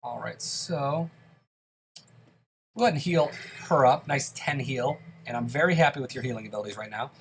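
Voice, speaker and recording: A man's voice: medium pitch, normal speed, slight background noise. Upbeat man narrating his gameplay. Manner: upbeat, chatty, explains his choices. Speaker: let's play host. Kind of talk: casual gameplay commentary.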